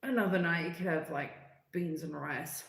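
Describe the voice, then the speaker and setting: A woman's voice: fairly low pitch, normal speed, vocal fry, reverberant, slight background noise, low-quality recording. A woman hosting a livestream, chatting casually and reading out viewer comments in a rambling, filler-heavy way. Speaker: livestream host.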